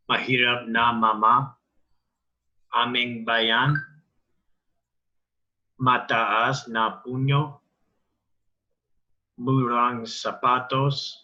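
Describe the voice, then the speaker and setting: Slow, bright-toned man reading aloud. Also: medium pitch, dull audio. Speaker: student. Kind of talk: reading words aloud in a lesson.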